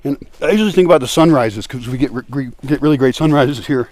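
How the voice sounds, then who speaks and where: A man in a casual home vlog, talking to his dogs, coaxing them and calling them loudly at times. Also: medium pitch, fast talker. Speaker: vlogger.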